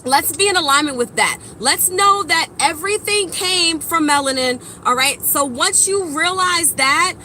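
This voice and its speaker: Woman, spiritual vlogger, high bright voice, profane and preachy, faint vehicle noise behind. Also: a little slow, hardly any pauses, rough recording. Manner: profane, emphatic, preachy, swings between loud and low. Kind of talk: blunt motivational monologue to viewers.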